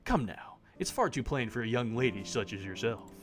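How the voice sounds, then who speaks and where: A man's voice: medium pitch, sing-song, moderate pace, soft background music, natural voice. A man voicing an elegant, dignified older male parakeet who owns a café, reading a dating sim aloud with formal, old-fashioned politeness. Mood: courteous.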